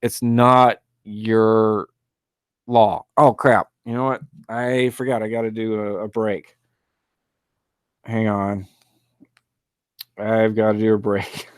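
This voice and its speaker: A man's voice: fairly low pitch, little pitch movement, takes it slowly, long pauses, smooth, no room sound, clean studio sound. A man hosting a talk show in a loose, rambling monologue, often laughing and sounding exasperated and mocking. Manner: loose and rambling, with many fillers. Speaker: talk radio host. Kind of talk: casual monologue.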